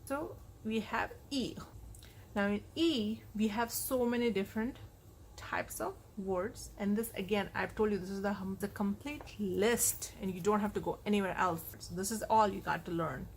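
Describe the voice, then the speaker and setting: A woman's voice: mid-range voice, moderate pace, a little hiss or hum. A woman teaching a phonics lesson on vowel sounds, explaining patiently and repeating the key points.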